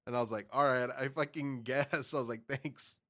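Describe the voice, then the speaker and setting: A man telling stories in a relaxed podcast chat, getting excitable and swearing constantly. His voice is mid-pitched and ordinary. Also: normal speed. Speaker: podcast co-host. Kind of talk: casual chat.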